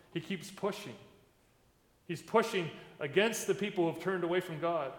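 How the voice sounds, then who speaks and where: A man, a pastor, giving a sermon in a conversational preaching manner, recorded in a church sanctuary. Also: on the high side. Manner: conversational preaching with plain everyday comparisons. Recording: echoey church hall with long reverb.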